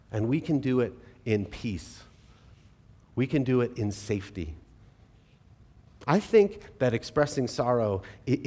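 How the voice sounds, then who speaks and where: A man in his forties preaching a sermon as pastor, earnest and conversational, swinging from animated stretches to hushed, quiet ones. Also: mid-range voice. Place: church sanctuary. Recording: long reverb of a church hall.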